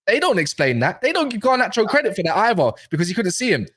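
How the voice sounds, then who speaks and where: A man with a slight cough co-hosting a football podcast, chatting in animated, slangy banter and laughing often. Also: sits high, fast talker. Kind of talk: casual banter.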